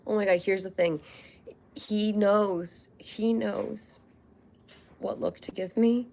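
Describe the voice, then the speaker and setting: A woman's voice: medium pitch, unhurried, mellow. A young woman hosting a casual livestream, chatting in a rambling way with frequent fillers and laughs. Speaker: livestream host.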